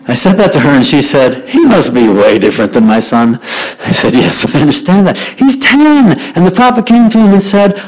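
A man from Utah speaks to young listeners, telling a story with a lot of feeling. His voice sits a little high and jumps around a lot as he plays both sides of the conversation. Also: brisk, low-quality recording. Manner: animated storyteller, acting out both sides of a dialogue. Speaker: youth speaker. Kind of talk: storytelling talk to youth.

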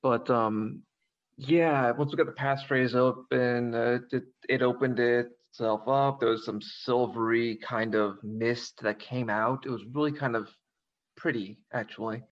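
A man's voice: medium pitch, fairly even intonation, measured pace, dull audio. A man playing a character in a tabletop game, talking in a hesitant, easygoing way. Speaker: player. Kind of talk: casual tabletop game play.

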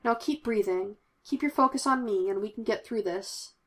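A woman's voice: medium pitch, moderate pace, natural voice. A woman voicing a young male Jedi knight who talks firmly and reassuringly, in an audiobook of fan fiction. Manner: firm, commanding, reassuring. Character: firm, steady young man, Jedi knight.

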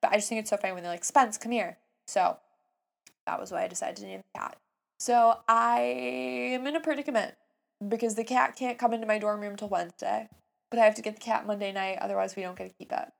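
A young woman in her twenties telling a story casually, with animated jumps between hushed asides and excited outbursts. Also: mid-range voice, quick pace, creaky.

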